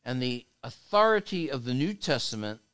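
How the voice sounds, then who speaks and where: A man's voice: mid-range voice, sing-song, moderate pace, fairly bright tone, clear, resonant tone. A man giving a sermon as a bishop, preaching with call-and-response to his congregation.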